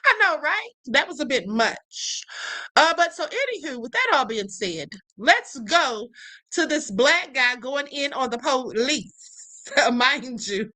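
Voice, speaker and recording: Woman, middle-aged, livestream host; high, ringing voice, blunt chatter. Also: sing-song, slow pace, bright, forceful tone. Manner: blunt, swears freely, laughs often. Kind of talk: casual chat.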